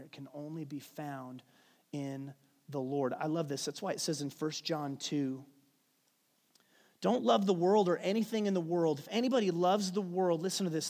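A high-pitched male pastor preaches in a big church, and his voice rings with long reverb through the hall. He drops to near-whispers for the serious points, then bursts out loud and playful as he leads the crowd in call-and-response. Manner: swings from hushed and slow to loud and playful, calls the congregation to repeat lines. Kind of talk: sermon.

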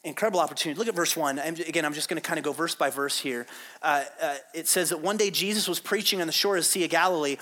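Bright-voiced man preaching a casual sermon. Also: on the high side, very fast. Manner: informal, joking asides and audience questions. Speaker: pastor.

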